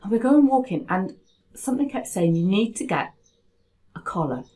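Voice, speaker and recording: A woman hosting a casual conversation, telling a personal story in an animated way with many restarts, at home. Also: medium pitch, normal speed, rough recording. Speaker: host. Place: home in Spain.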